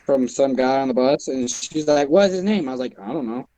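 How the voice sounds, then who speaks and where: A man's voice: medium pitch, a little fast, mellow, no echo, poor audio. A teenage boy co-hosting a stream, telling a rambling story with swearing and laughs. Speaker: stream co-host. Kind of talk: casual storytelling chat.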